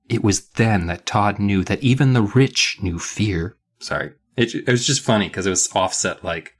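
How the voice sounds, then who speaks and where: A man co-hosting a comedy podcast, recapping a kids' horror book in casual chat and jumping into loud character voices. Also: lowish voice, moderate pace, few pauses. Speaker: podcast co-host.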